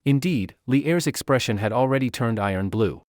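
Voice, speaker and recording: Expressive male recap narrator. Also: mid-range voice, brisk, dry recording, studio quality.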